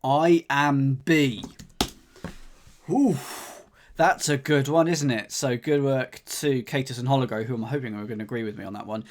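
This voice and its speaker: A man solves a cryptic crossword on a live stream, thinking aloud and joking with his viewers in casual, chatty talk. His voice is mid-range and a little mellow, and he speaks fairly quickly.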